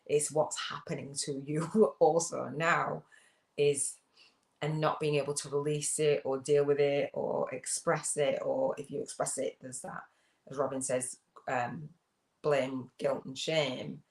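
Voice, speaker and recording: Reading viewer comments on a casual livestream, this woman who hosts a spiritual business channel rambles and reflects, with lots of fillers and restarts. Her low, darkish voice stays level at a measured pace in a roomy-sounding space.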